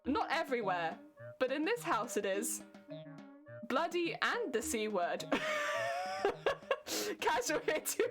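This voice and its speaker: A young British woman chatting casually with her stream viewers from home, chatty and quick to laugh. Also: high voice, huge pitch swings. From Britain. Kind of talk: casual chat with stream viewers while crafting. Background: faint music.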